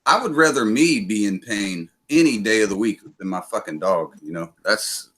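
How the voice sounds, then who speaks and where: Low, bright-voiced man telling stories. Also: animated, moderate pace, breathy edge. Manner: profane, rambling storytelling. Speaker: livestream host. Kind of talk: casual chat.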